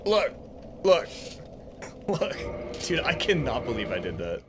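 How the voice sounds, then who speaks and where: A man's voice: medium pitch, big pitch swings, unhurried, background noise. A man live-streaming a game who shrieks and laughs at his own blunders, swears freely and mocks himself while explaining what went wrong, into a streaming mic. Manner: self-mocking, explains himself at length. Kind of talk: live gaming stream commentary. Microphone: streaming mic with compressor.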